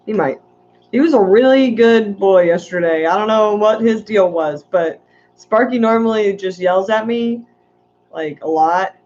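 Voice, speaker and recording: A woman's voice: medium pitch, unhurried, darkish tone, highs cut off, slight background noise. A woman hosting a casual livestream, chatting in a rambling way and reading viewer comments aloud. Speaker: aquarium channel host.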